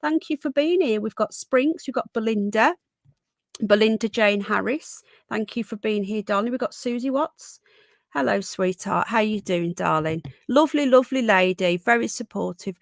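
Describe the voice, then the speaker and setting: A woman hosting a live stream, casually greeting viewers by name and calling them darling and sweetheart, her voice going hoarse. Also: on the high side, moderate pace, no echo.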